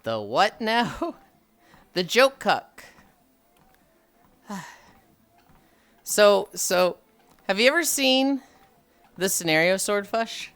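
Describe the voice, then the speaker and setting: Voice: mid-range voice, sing-song, extremely slow, pauses often, a bit bright. A livestreamer chatting casually with viewers, telling stories with frequent sighs and laughs. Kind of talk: casual live-stream chat.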